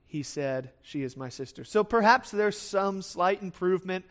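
High-voiced man teaching a sermon. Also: normal speed. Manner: expository Bible teaching with acted asides; conversational with fillers. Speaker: pastor.

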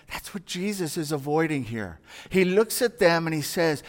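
A man's voice: a little high, expressive, moderate pace, hardly any pauses. A man preaching a sermon as a pastor, earnest and conversational, asking his listeners rhetorical questions. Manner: earnest, conversational, acts out everyday dialogue and asks rhetorical questions.

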